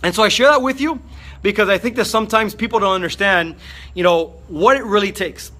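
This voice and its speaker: A man giving an energetic motivational vlog talk, fired up, with frequent fillers. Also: high-pitched, brisk. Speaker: motivational speaker.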